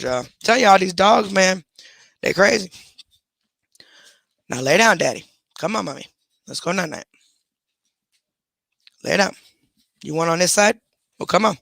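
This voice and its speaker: Woman on a livestream fussing at her dogs, gravelly and bright, dry close mic. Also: fairly low pitch, expressive, moderate pace, pauses often, dry recording. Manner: scolding her dogs, chatty asides to viewers. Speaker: livestream host. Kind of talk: casual livestream chat.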